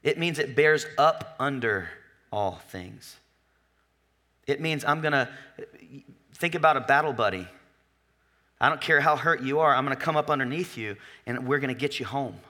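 A man preaching to his congregation with a bright, forceful voice pitched a little high. He talks loosely and jokes, checking in with the room again and again. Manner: conversational, joking, asks the congregation questions. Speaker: pastor. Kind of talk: sermon.

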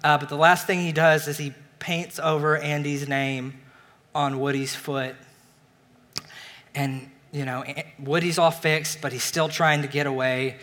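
A pastor giving a sermon, retelling a film plot in a relaxed, conversational way. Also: male voice, on the high side, measured pace. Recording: long reverb of a large hall.

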